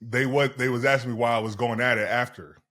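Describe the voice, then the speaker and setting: A man co-hosting a podcast, asking questions in a relaxed way and answering with short reactions. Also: medium pitch, quick pace. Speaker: podcast co-host. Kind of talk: casual podcast chat.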